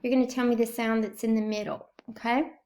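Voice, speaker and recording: A woman's voice: a little high, little pitch movement, darkish tone. A woman teaching a phonemic awareness drill at home, stretching out each word and asking children to blend or split syllables. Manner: slow, drawn-out word prompts. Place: home kitchen.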